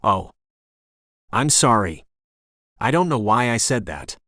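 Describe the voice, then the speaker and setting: A man's voice: fairly low pitch, very animated, takes it slowly, pushed and bright, no room sound, studio quality, full character voice. A man doing a stammering nervous young guy. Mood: flustered. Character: nervous awkward young man, about twenty. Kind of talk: audiobook character reading.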